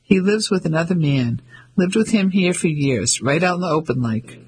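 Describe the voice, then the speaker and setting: A man's voice: a little high, expressive, moderate pace, slightly rough, poor audio. A man voicing a harsh, disapproving landlady who scolds.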